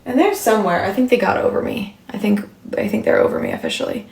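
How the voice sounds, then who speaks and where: A woman's voice: mid-range voice, wildly swooping pitch, fairly quick, gravelly, reverberant. A woman in her thirties hosting a casual livestream, chatting with viewers and answering their comments with lots of fillers. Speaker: livestream host.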